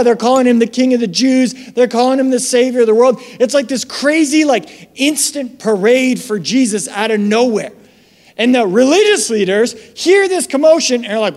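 A young man preaching a casual, animated sermon, chatting and acting out quotes in raised voices. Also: extremely high pitch, moderate pace. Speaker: pastor. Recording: long hall reverb.

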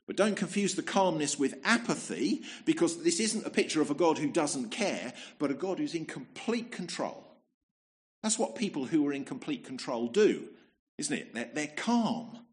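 Conversational male preacher. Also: fairly high pitch. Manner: conversational, uses rhetorical tag questions; repeats words as he restarts. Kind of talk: sermon.

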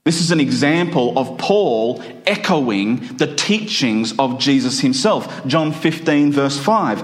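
A man preaching a sermon in a church, emphatic and stretching out his phrases slowly. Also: mid-range voice, lively intonation. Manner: emphatic, with slow drawn-out phrases.

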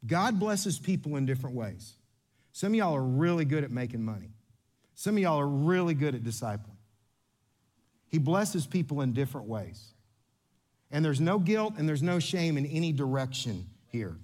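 A pastor, a man whose voice sits notably high, preaches with lively, playful energy. He jokes, repeats himself to make a point, and speaks straight to the congregation. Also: moderate pace. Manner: animated, playful, coaching volunteers on stage. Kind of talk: sermon.

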